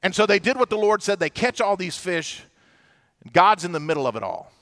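Male pastor, high bright tone, animated sermon storytelling with acted-out voices. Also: brisk.

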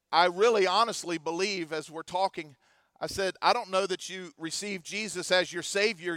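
A man, a pastor in his forties, preaching a sermon in church, earnest and moving between soft and emphatic delivery. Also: high-pitched, no room sound, clean studio sound. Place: church service.

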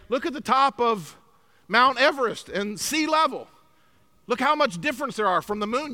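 High, bright-voiced preaching man. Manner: emphatic, swings from loud to hushed. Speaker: pastor. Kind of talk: sermon.

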